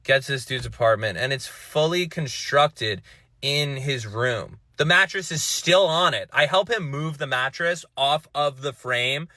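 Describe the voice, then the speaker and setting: A man's voice: medium pitch, animated, measured pace, sharp tone, no room sound, studio quality. Male comedian, sarcastic ranting delivery, swears freely. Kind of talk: comedic monologue clips.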